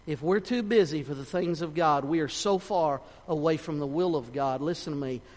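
A man preaching to his congregation, his voice pitched high above most men's. He is fervent and folksy, pushing up to near-shouts and then dropping to a hush. The sound carries a long, lingering reverb from the church hall. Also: moderate pace. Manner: fervent, folksy, swings between shouting and hushed tones. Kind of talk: sermon. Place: church sanctuary.

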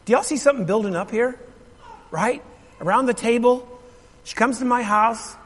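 A man's voice: very high-pitched, normal speed. A middle-aged male pastor telling a story in a sermon, emphatic and repeating his phrases while asking the congregation questions. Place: church sanctuary. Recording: long reverb of a large hall.

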